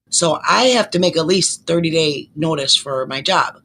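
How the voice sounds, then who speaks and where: A woman's voice: on the low side, steady tone, normal speed, few pauses, fairly bright tone, a little hiss or hum. A woman in her sixties, a nurse and panelist, rambling through an emotional explanation in casual chat.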